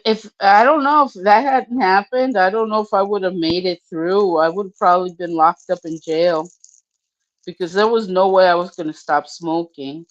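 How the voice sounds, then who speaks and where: An older woman telling a personal story casually, profane and animated, acting out the voices in it. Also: on the low side, lo-fi sound. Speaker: storyteller guest.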